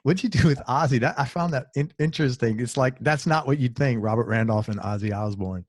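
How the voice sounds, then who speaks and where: A man hosting a casual interview, relaxed and enthusiastic, reacting to his guest's stories. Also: medium pitch, brisk, dry recording, studio quality. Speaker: interview host.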